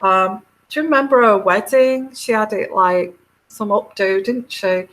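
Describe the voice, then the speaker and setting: Slow, rambling British woman livestreaming. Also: mid-range voice, fairly bright tone, poor audio. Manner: meandering, hesitant with many fillers. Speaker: tarot livestream host. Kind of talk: casual livestream chat reading comments.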